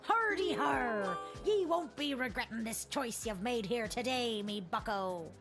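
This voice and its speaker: A woman's voice: on the high side, expressive, measured pace. A woman voicing a boisterous female pirate captain in a video game, full of hearty pirate slang and growly laughs. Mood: rowdy. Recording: game audio with faint music.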